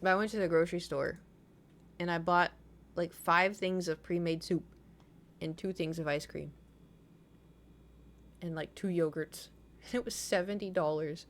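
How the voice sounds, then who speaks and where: A woman's voice: lowish voice, steady tone, moderate pace, pauses often. A young woman with a slight lisp from braces, chatting casually on a live stream and telling rambling, self-mocking stories with frequent laughter.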